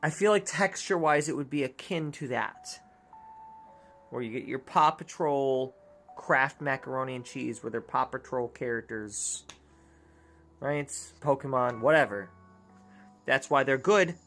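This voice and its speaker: A man's voice: medium pitch, measured pace, fairly bright tone. A man chats through a let's play in a loose, rambling way, joking and cutting himself off mid-thought. Faint music plays underneath. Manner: rambling, jokey, self-interrupting. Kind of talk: casual gameplay chat.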